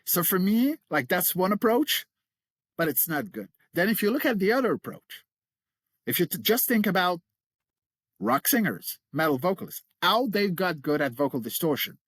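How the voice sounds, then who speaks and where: A man's voice: high-pitched, sing-song, normal speed, a bit bright, breathy edge, no room sound, clean studio sound. A middle-aged man, a guest on an interview, explaining vocal technique in an enthusiastic, explanatory way and laughing readily. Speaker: guest, creature voice coach.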